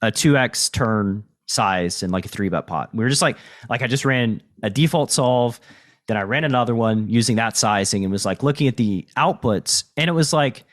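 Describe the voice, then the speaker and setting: A man's voice: mid-range voice, normal speed. Casual, swearing male podcast host. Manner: loose, filler-heavy talk with casual swearing. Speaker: podcast host and poker coach.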